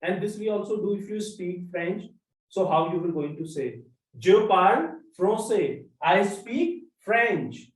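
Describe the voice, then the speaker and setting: A language teacher, slowly repeating examples and word pairs in a lesson. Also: mid-range voice. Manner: slow, repetitive drilling of examples. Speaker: French teacher. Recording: roomy echo, mic far off.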